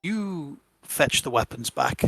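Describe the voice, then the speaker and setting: A man's voice: a little high, big pitch swings, slow pace, bright, forceful tone, no room sound, exaggerated voice. A man voicing a stern male vampire hunter who speaks in a stiff, formal way. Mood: curt.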